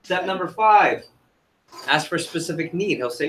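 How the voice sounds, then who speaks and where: A man's voice: a little high, lively intonation, normal speed, a bit bright, slight background noise. A man leading an interactive sales training seminar, quizzing the audience in an upbeat, chatty way.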